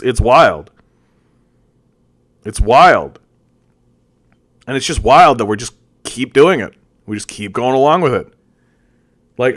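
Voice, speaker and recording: A man's voice: mid-range voice, a bit bright, no room sound. A man from Canada giving an angry, profane political rant, often repeating words as he goes. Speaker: political commentator. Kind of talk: ranting political commentary.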